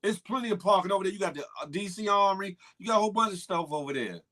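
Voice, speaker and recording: A man's voice: high voice, expressive, rapid-fire, sharp tone. A man hosting a casual morning livestream, talking back to chat and repeating himself for emphasis. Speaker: morning show host reading live chat.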